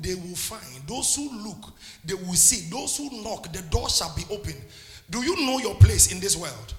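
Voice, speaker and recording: A man's voice: high-pitched, animated, moderate pace, a bit bright, echoey room, long reverb tail, soft background music. A man preaching a sermon as a pastor, impassioned and calling out to his congregation.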